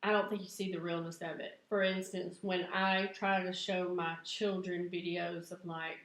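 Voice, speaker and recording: A woman, chatting excitedly to camera in a vlog and laughing at herself. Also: lowish voice, normal speed. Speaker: vlogger. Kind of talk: casual chat to camera. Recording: echoey room.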